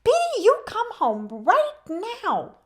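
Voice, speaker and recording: A woman voicing a flustered tiny old lady neighbor in a storybook, calling out in a high, fretful voice. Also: huge pitch swings, takes it slowly, full character voice. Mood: scolding.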